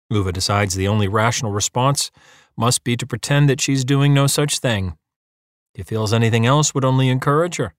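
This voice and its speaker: Male narrator, mid-pitched, measured storytelling, dead-dry close mic. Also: no room sound. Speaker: audiobook narrator. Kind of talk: scripted narration.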